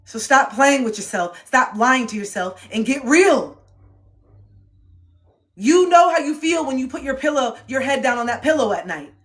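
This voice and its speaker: A woman's voice: high voice, animated, moderate pace. Young woman streamer going off with a fired-up sweary motivational rant, preachy and intense. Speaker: livestreamer. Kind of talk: motivational pep talk.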